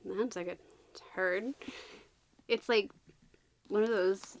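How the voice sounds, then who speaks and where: A woman chatting casually as she unboxes books, gushing and excitable, with quick joking asides. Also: medium pitch. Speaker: book vlogger.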